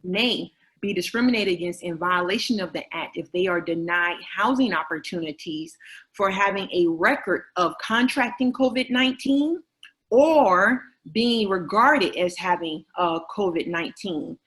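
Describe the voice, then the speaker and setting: A woman presenting a fair housing webinar, explaining in a measured way with occasional fillers. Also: lowish voice, a bit bright, poor audio. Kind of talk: webinar lecture.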